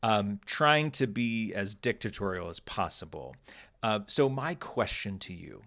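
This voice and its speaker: A man's voice: on the low side, lively intonation, a little slow, a bit bright. A man hosting a podcast, talking casually and thinking aloud with frequent restarts. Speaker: podcast host. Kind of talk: casual analytical podcast talk.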